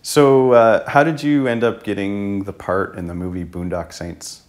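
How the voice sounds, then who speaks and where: Guy hosting an interview, kinda low voice, chill short questions. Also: fairly even intonation, a little slow. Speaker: podcast host. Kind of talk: casual interview.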